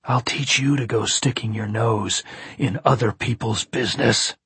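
A man voicing a deranged, menacing middle-aged man in an audiobook, speaking in a low, threatening whisper. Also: fairly even intonation, unhurried, a bit bright, breathy edge, dry recording, exaggerated voice.

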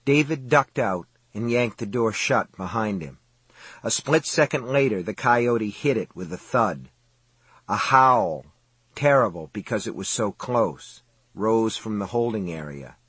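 A man reads a novel aloud in a measured, dramatic way. His voice is husky, and the recording is close and dry with no room sound. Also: on the low side, no echo. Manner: steady, measured, dramatic reading. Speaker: audiobook narrator. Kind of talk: scripted narration.

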